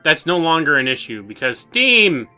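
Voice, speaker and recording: A man's voice: on the high side, very animated, moderate pace, sharp tone, clear, resonant tone, faint music behind. A young man co-hosting a video game let's play, chatting casually and sounding tired, with stammered restarts. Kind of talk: casual gameplay chat.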